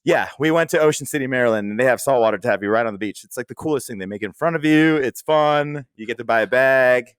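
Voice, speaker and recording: A man's voice: medium pitch, quick pace, few pauses, clear, resonant tone, no echo. A man co-hosting a crude comedy podcast, rambling and swearing as he acts out what his friends said. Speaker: podcast co-host. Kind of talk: crude casual chat.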